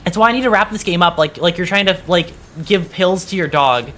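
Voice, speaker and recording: A man's voice: high-pitched, brisk, bright, forceful tone. A man streaming a game and chatting casually, exasperated, swearing often and stumbling over restarts. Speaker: VTuber streamer. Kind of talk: casual gaming stream chat.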